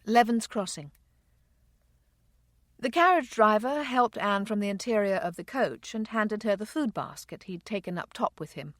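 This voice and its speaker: Woman, audiobook narrator, measured storytelling, dry close sound. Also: mid-range voice, animated, dry recording. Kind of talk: scripted narration.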